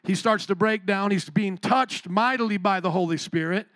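A male pastor preaching a sermon, telling a story with lively energy and questions to the congregation. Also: sits high, moderate pace, no echo. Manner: animated storytelling, talks to the congregation. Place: church.

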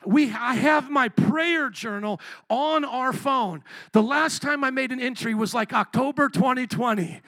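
A male pastor preaching a sermon, telling stories in an animated way and acting out quotes. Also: extremely high pitch, no echo. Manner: animated storytelling, acts out quotes.

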